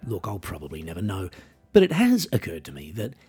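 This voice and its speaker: A husky Australian man hosts his own show in a wry, self-deprecating monologue. His low voice rises and falls expressively, and faint music sits underneath. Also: huge pitch swings, a little fast, mellow. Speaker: podcast host and musician. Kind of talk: scripted solo monologue.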